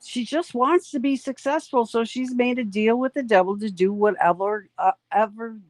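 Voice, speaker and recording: A woman's voice: a little high, normal speed, a little mellow, dry recording. An emphatic woman host speaks with plain indignation, often repeating herself to drive a point home. Her voice is recorded close and dry, with no room sound. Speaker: host of a commentary stream. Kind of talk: casual live commentary chat.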